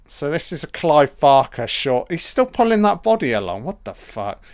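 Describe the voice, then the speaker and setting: A man's voice: on the high side, very animated, moderate pace, no echo. A man giving a casual film commentary, crude and sarcastic, swearing often as he reacts to the movie. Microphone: home mic, audio only.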